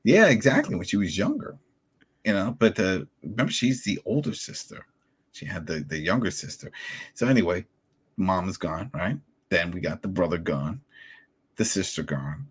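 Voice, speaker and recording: Man, podcast co-host, very low voice, husky, casual chat, animated recap. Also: normal speed. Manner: animated, recaps scenes acting out quotes.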